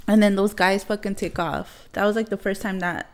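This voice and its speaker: Young woman on a podcast, cussing a lot, tells the story fast and loud when she quotes people. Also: medium pitch, steady tone. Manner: swears a lot, acts out quotes loudly. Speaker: podcast co-host. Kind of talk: casual storytelling chat.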